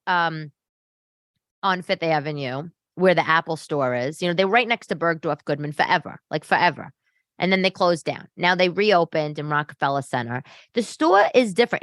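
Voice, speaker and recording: New woman host in her thirties, lowish voice, animated sarcastic rants, dry close sound. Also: no echo. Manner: animated, ranting, sarcastic asides. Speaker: podcast host. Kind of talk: casual solo podcast chat. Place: home living room.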